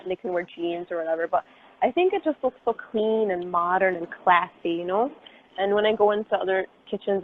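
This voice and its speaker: A woman guest in a casual chat, talking hesitantly and leaning on many fillers. She comes through a thin, phone-like video call with a faint hiss underneath. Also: medium pitch. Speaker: chocolatier guest.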